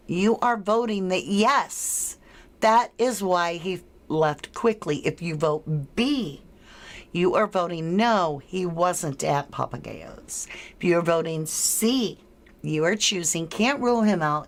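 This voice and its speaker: Slow, chatty woman hosting a livestream. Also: fairly low pitch. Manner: chatty and unhurried, laughs often, drawn-out words. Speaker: livestream host. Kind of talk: live-stream chat, reading comments and running a poll.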